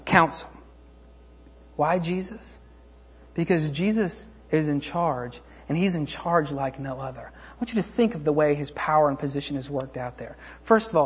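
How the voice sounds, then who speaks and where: Male pastor, husky voice, chatty storytelling sermon with plenty of ums, muffled lo-fi recording. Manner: conversational, retells the story with many fillers and restarts; acts out quoted voices, rises to a fervent pitch when preaching.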